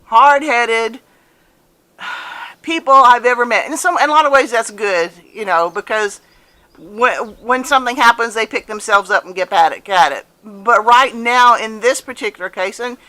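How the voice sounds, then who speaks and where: A woman's voice: fairly high pitch, normal speed, sharp tone. A woman in her fifties telling a personal story to camera in a casual, earnest way, repeating phrases for emphasis. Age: 50s. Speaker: vlogger.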